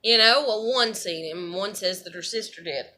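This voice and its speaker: A woman in her thirties delivers a swear-heavy, emotional confessional vlog, rambling as she sorts through her feelings. Her medium-pitched voice is pushed and bright, at a normal speed.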